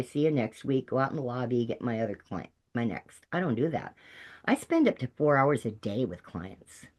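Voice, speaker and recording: A woman's voice: low-pitched, creaky. A middle-aged woman from Texas, a peer support specialist, giving an earnest and emphatic personal testimony. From Texas, USA.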